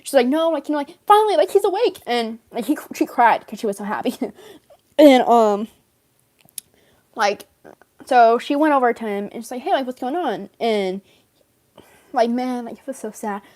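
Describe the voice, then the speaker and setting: A woman tells a long, rambling story while staying in character. Her voice sits a little high, and she leans on "like" constantly. She laughs often as she goes. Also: animated, moderate pace, long pauses, darkish tone. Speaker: fan role-player in character.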